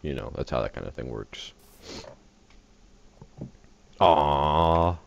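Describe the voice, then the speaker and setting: A man's voice: very deep voice, fast, creaky, husky. A tired man rambling and joking through casual game commentary, easily distracted. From USA. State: tired, just woke up. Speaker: gaming channel host. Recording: dull lo-fi recording with faint hiss.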